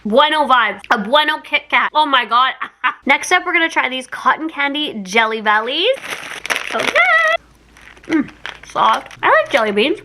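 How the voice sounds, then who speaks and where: A woman's voice: sits high, very animated, a little slow, noisy background. A young woman from Canada chatting casually through a snack taste test, giggly and self-mocking. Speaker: YouTuber doing a taste test.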